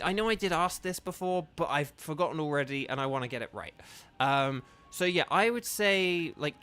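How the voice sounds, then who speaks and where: An English streamer with a fairly high, slightly bright voice chats casually with his viewers while gaming. He rambles and gets sidetracked easily, filling his talk with ums and restarts.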